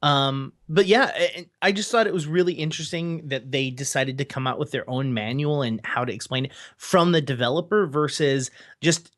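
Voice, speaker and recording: A man co-hosting a gaming podcast in loose, easygoing chat. His voice sits a bit higher than usual for a man. He swears casually as he makes his points. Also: normal speed, few pauses, a bit bright. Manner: laid-back, swears freely. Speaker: podcast co-host.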